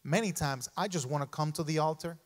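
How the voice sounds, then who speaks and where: A man preaching a sermon in a church, animated and calling out to the congregation, often repeating himself. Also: fairly high pitch, fairly quick. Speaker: pastor. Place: church sanctuary.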